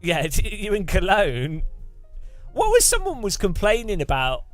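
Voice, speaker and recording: A man's voice: high voice, huge pitch swings, measured pace, no room sound, faint music behind. A man chatting casually on a live stream, rambling and chuckling as he thanks viewers between thoughts.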